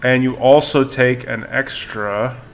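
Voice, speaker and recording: A man running a tabletop game on a live stream, easygoing and quick to correct himself with a laugh. His voice sits at an ordinary middle pitch. Faint music plays under him. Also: fairly even intonation. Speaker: game master.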